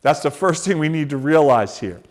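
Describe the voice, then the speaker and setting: High-voiced man preaching a dramatic sermon. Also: lively intonation, moderate pace. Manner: dramatic, swings from loud urgency to hushed tones; tells personal stories. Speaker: pastor.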